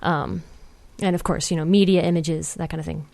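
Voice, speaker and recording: A young woman co-hosts a casual podcast, chatty and quick to giggle, with many fillers. Her voice sits a little low, and it is recorded close and dry. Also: steady tone, creaky, dark tone, no room sound. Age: young adult. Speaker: podcast co-host.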